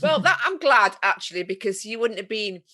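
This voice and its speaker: A woman's voice: medium pitch, lively intonation, brisk, pushed and bright. A woman hosting a podcast interview, reacting often with short responses and laughs. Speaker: podcast host. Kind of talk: conversational interview.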